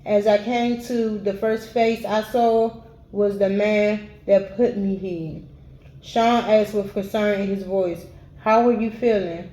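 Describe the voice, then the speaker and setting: A woman reading a first-person memoir aloud in a steady read-aloud manner. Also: mid-range voice, takes it slowly, roomy sound, low-quality recording. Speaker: audiobook reader.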